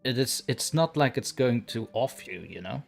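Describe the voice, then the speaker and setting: Man hosting a casual chat, laughs a lot, says what he thinks, some soft music in back. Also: mid-range voice, lively intonation, moderate pace, gravelly. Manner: chatty, laughs often, blunt opinions. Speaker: podcast host.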